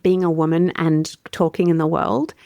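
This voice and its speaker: Low, gravelly Australian woman explaining. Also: steady tone, normal speed, dry recording, studio quality. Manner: articulate, warm, explanatory with everyday fillers. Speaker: communications coach, guest. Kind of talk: conversational podcast interview.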